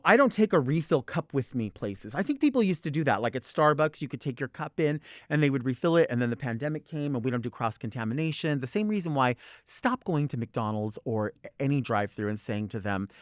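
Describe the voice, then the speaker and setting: Sassy ranting male host, lively pitch. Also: dry recording, studio quality. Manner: sassy, exasperated, profane. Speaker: talk show host. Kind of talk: unscripted comic rant.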